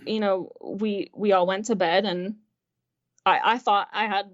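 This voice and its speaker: A woman's voice: mid-range voice, steady tone, a little slow, dull audio. A woman guest telling a personal story in casual conversation, chatty and full of fillers, acting out the dialogue she recalls and laughing often. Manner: chatty, filler-heavy retelling that acts out quoted dialogue with frequent laughs. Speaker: interview guest.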